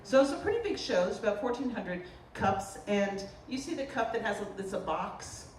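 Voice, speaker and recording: A woman from the Boston area, a potter giving a humorous artist talk, telling stories in an animated, joking way. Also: medium pitch, normal speed. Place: lecture room at a festival. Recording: roomy, distant mic, faint noise.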